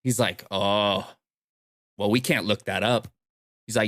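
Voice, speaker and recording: A man's voice: lowish voice, fairly even intonation, fairly bright tone, no room sound, clean studio sound. A young man casually telling a long anecdote, acting out what people said along the way. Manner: laid-back, drawn-out anecdotes acting out quotes. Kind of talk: casual storytelling.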